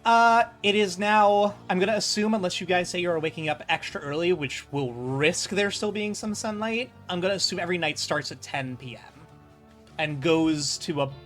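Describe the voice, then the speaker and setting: A man's voice: high voice, moderate pace, fairly bright tone, faint music behind. A man running a tabletop role-playing game as game master, casual and rambling, swearing freely.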